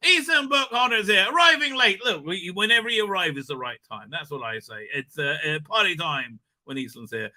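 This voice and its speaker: A man hosting a live stream, talking in a rambling, animated way, swearing and laughing often. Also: high voice. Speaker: livestream host. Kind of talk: casual live-stream chat.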